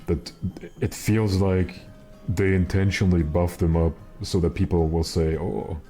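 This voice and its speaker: A man's voice: sits low, fairly even intonation, unhurried, mellow, soft background music. A man giving casual live commentary while streaming a game, chatty with wry, self-mocking asides.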